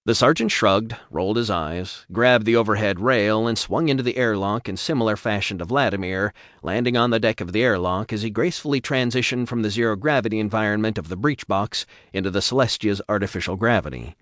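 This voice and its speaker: A man reading a science fiction audiobook in a steady, even narration on a studio mic. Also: fairly low pitch, brisk, hardly any pauses, dry recording. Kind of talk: scripted narration.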